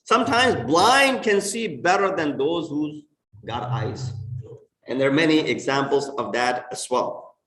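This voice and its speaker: A man preaches in a fairly high voice, stressing his points with sharp rises and drops. He is heard from a distance in a roomy, echoing mosque hall. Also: expressive, a little slow. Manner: emphatic, rising and falling for stress. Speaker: imam. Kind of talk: sermon. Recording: echoey mosque hall from far off.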